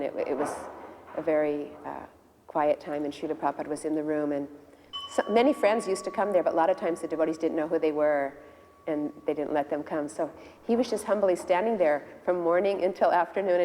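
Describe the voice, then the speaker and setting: A woman's voice: sits low, dark tone, in a large hall, slight background noise. A woman, a disciple, telling a remembered story in casual speech and acting out the quoted dialogue. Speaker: disciple sharing memories. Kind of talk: casual spoken reminiscence.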